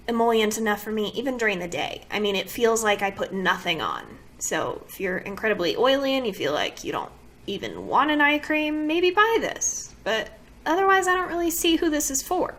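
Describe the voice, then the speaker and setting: A woman with a fairly high voice reviews beauty products she dislikes, talking casually to the camera. She complains dramatically and keeps firing off exasperated rhetorical questions. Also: fairly bright tone. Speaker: beauty vlogger.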